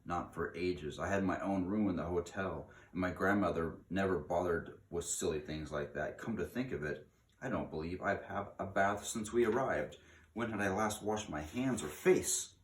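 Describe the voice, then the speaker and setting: A man reading a children's book aloud in an expressive way, slowing down for dramatic emphasis. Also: low-pitched, slight background noise. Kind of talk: read-aloud storytelling. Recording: echoey room.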